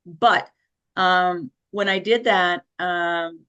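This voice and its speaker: A woman's voice: lowish voice, very slow, pushed and bright, clean tone. A middle-aged woman, an interview guest, telling her life story with emotion and nervous laughter. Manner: emotional, vivid retelling with quoted voices and nervous laughs.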